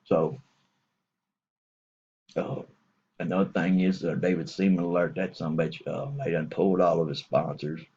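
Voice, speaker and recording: A deep, gravelly middle-aged man, rambling through a crude comic story. His voice is husky and rough. The recording sounds dull and lo-fi. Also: flat delivery, normal speed, long pauses, a little mellow. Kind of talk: profane comic storytelling monologue.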